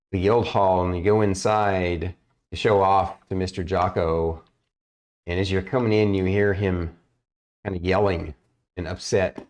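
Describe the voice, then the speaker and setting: A man narrating as game master of a tabletop game, relaxed and halting. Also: sits low.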